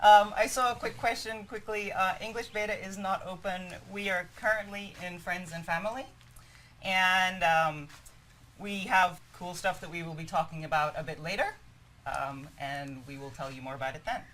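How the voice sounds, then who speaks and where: A hoarse woman walks viewers through a game on a live stream. She talks in an upbeat, explanatory way, with a faint hiss of noise behind her. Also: lowish voice, normal speed, a bit bright, low-quality recording. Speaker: game presenter.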